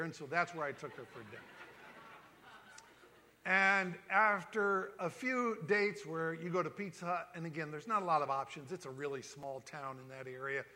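A man's voice: a little high, sharp tone. A man in his fifties telling his life story in a folksy way, acting out the dialogue he quotes. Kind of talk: personal testimony talk. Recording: long hall reverb.

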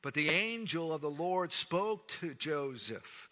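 A man preaching a sermon, measured and rising to emphatic declarations. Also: on the high side, expressive, sharp tone. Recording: long hall reverb.

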